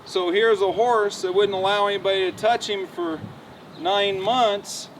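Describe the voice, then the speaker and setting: A man working as a horse trainer, explaining in a relaxed, folksy way with many fillers, outdoors at a ranch pen. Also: sits high, unhurried. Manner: folksy, relaxed, lots of "you know" fillers. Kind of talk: casual explanation on a walk-around. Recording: distant outdoor mic, faint background noise.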